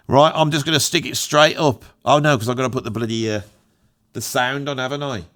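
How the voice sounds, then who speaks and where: A man's voice: medium pitch, fairly even intonation, a little fast, fairly bright tone. Rambling, self-mocking English man. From England. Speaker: YouTuber, musician. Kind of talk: rambling unscripted vlog monologue.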